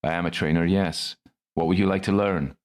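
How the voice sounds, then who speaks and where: A man voicing a grey-bearded old Victorian chemist with a West Country accent, measured and stern. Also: deep voice, steady tone, natural voice. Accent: West Country English.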